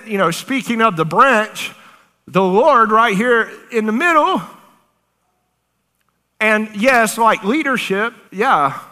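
A woman preaching a charismatic sermon, animated and excited, often laughing between phrases. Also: a little high. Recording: long hall reverb.

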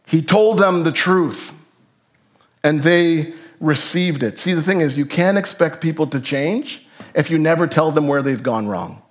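A man preaching a sermon as pastor, animated, his voice jumping up for emphasis and then dropping low. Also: unhurried. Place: church sanctuary.

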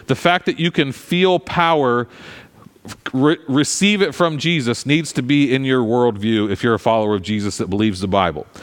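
Man preaching in a reverberant hall. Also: a little high. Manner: conversational, animated preaching with asides. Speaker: pastor. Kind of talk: sermon.

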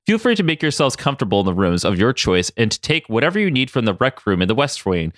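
A man voicing a calm, formal spaceship computer in a comic podcast story. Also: medium pitch, fast, no room sound, studio quality.

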